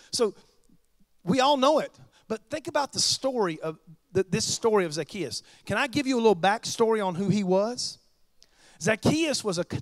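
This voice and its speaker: A pastor preaching a sermon, chatty and joking with the congregation. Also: male voice, sits high, dry recording.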